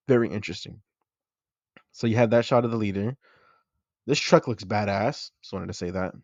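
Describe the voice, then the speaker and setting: A young man hosting a movie channel, chatting excitedly and correcting himself as he breaks down a trailer. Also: mid-range voice, no room sound, dull audio. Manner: excited, chatty, self-correcting fan talk.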